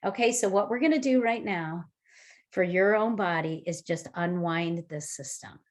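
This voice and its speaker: On a video call, a woman leads a mindfulness workshop, guiding breathing and movement exercises. Her fairly low-pitched voice moves at a moderate pace, lively and chatty with frequent fillers.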